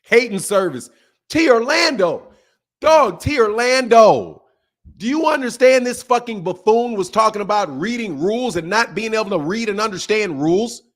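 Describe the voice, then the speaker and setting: A middle-aged man hosting a boxing channel, ranting and mocking his critics with heavy profanity, swinging between loud and soft. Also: high-pitched, animated, moderate pace. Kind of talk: ranting commentary.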